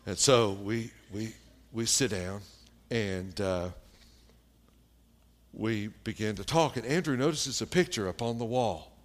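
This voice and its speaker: A man preaching a sermon, telling a personal story in a slow, plain-spoken way with pauses and fillers. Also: lowish voice.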